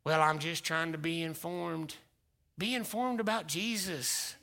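A male pastor delivering a dynamic sermon, swinging between loud exclamations and hushed whispers. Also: on the high side, a little slow, vocal fry.

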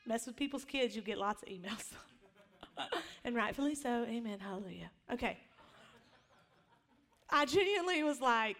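A middle-aged woman pastor preaching in a relaxed, chatty way, her voice sitting a little high for a woman. She tells personal stories with humor and acts out what people said. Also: moderate pace, long pauses. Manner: conversational storytelling with humor and acted quotes. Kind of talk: sermon.

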